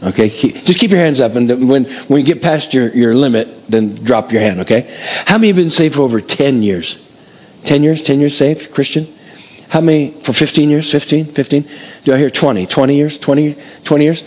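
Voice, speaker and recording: A male pastor giving a conversational, emphatic sermon in a church, polling the congregation with quick repeated phrases like an auctioneer. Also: mid-range voice, darkish tone, low-quality recording. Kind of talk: expository sermon. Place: church sanctuary before a congregation.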